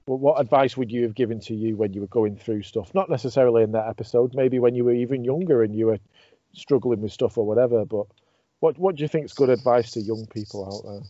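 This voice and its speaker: A man's voice: medium pitch, fast talker, mellow, dry recording. A man hosting a podcast, asking questions in a loose, chatty way. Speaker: podcast host. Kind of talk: casual podcast chat. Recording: dull lo-fi audio.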